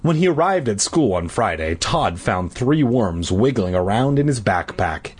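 A man's voice: on the low side, sing-song, a little slow, breathy edge. A man in his twenties reading a children's book aloud, breaking off for irreverent, sarcastic asides. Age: 20s. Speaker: reader. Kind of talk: casual storybook reading with jokey asides.

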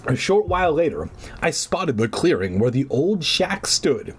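A man reads a children's horror story aloud, breaking off for jokey asides. His voice is husky and very animated, with a slightly high pitch. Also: unhurried. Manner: jokey asides between passages.

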